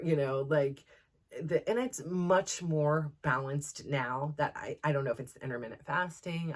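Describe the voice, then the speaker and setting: Low-voiced rambling woman host. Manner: rambling, many fillers and restarts. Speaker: podcast host. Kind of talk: casual chat.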